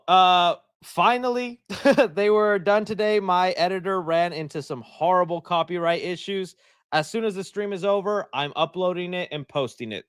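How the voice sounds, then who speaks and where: A man's voice: sits high, fairly bright tone, smooth, dry recording, clean studio sound. A young man hosting a live stream, chatting casually, joking and laughing often as he rambles.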